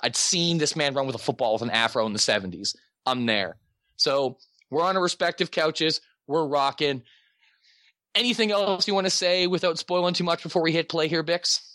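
A man hosting a podcast in casual chat, excitable and joking, with quick asides. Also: fairly high pitch, dry recording, clean studio sound. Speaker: podcast host.

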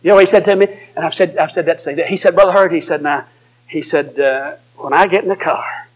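Guy preaching, pretty high voice, folksy storytelling w chuckles and loud bursts. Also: fast, highs cut off. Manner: folksy storytelling, chuckling, rising to emphatic shouts. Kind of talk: sermon.

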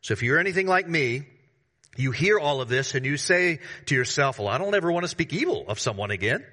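A man preaching a sermon to his congregation, emphatic, with sudden rises in pitch and volume and casual slangy asides. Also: lively intonation, a little fast, pushed and bright. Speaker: pastor.

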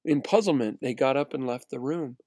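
Man with a gravelly narrating voice. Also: medium pitch, fairly quick, dry recording. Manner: earnest, steady reading with small restarts. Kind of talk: read-aloud first-person story narration.

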